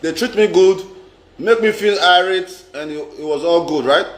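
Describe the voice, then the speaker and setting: A man's voice: high voice, moderate pace. A middle-aged Nigerian man telling a personal story in a vlog. He talks dramatically, repeats lines for emphasis and mixes in Pidgin. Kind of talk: animated storytelling monologue. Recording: roomy echo.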